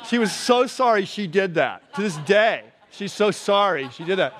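A pastor with a fairly high voice delivers a sermon, telling the story with animated energy and frequent laughter. His voice carries a long reverb, as if it is filling a large hall. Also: normal speed, some chatter behind, a little hiss or hum.

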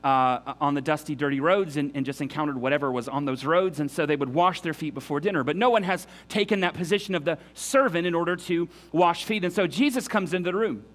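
A man's voice: on the high side, fast, hardly any pauses, a bit bright. A man preaching a sermon in an earnest, emphatic way, often restarting his sentences. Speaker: pastor.

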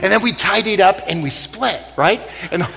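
High, bright-voiced man telling funny stories. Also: normal speed, vocal fry, slightly rough. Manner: animated, laughing often, exclamatory. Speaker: speaker. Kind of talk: comic storytelling talk. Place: stage in a large hall. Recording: long hall reverb.

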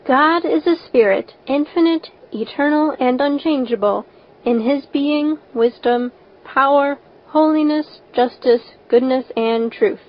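A woman's voice: sits high, animated, normal speed, breathy edge. A woman reading the part of an eager, talkative and imaginative young orphan girl. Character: chatty imaginative red-haired orphan girl. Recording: dull lo-fi recording.

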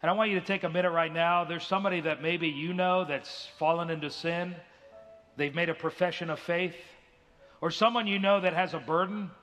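A man's voice: on the high side, fairly even intonation, a little fast, fairly bright tone, in a large hall, soft background music. A male pastor preaching an earnest sermon in a church, now and then acting out the voices of people in his stories. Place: church sanctuary.

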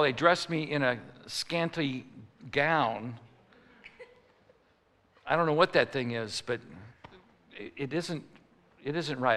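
A male preacher from Chicago tells a comic story in a lively, animated way, now and then rising into mock outrage. His voice is gravelly and very bright and sits a little high. A long hall reverb hangs on every line.

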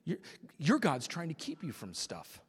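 A man's voice: on the high side, wildly swooping pitch, normal speed, slightly rough, long reverb tail. A man preaching a sermon as pastor, acting out quotes and dropping to a whisper for emphasis.

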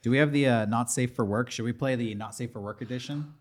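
A man hosting a podcast and running an impromptu party game. He is brisk and practical, laying out rules and timers for the guest. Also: mid-range voice. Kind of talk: casual podcast chat.

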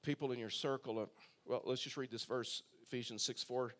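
A man's voice: medium pitch, steady tone, a little fast, a bit bright. A male pastor preaching a sermon in a conversational storytelling way, full of rhetorical questions.

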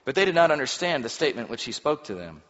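A man preaching a sermon as a pastor, animated and musing aloud about the scenes he describes. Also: mid-range voice, quick pace. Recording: muffled reverberant hall recording.

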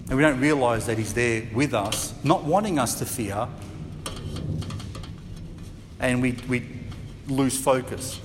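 A man preaching a sermon as pastor, chatty and lively, now and then acting out voices with a laugh. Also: mid-range voice, normal speed, long reverb tail, background noise. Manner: conversational, acts out voices and laughs.

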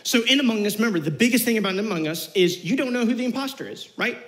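Casual high-voiced young preacher. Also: male voice, fast, poor audio. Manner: casual slangy, animated retellings with quoted voices. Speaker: youth pastor. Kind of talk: youth sermon.

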